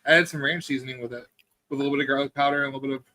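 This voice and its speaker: Fast bright-voiced bantering man. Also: medium pitch, fairly even intonation, dry recording. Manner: quick, bantering, argumentative. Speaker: co-host. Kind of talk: casual chat.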